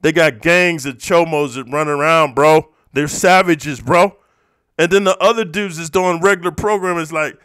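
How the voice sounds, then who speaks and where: Profane high-voiced man ranting. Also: moderate pace, clear, resonant tone, dry recording, clean studio sound. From eastern United States. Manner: profane, confrontational, says "bro" constantly; swings between low muttering and loud outbursts. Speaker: YouTuber reacting to comments. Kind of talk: heated ranting monologue.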